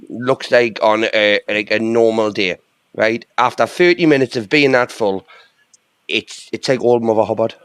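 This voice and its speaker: A man's voice: mid-range voice, dry recording. A man with an English accent, a panelist joking crudely in casual chat over a remote call. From England. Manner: jokey, crude banter.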